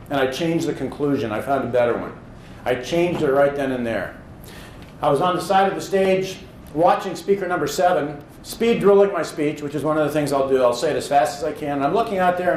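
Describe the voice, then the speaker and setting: A man who speaks professionally tells a motivational story about his own career in an earnest, animated way, now and then acting out his own thoughts. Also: a little high, echoey room, slight background noise, rough recording.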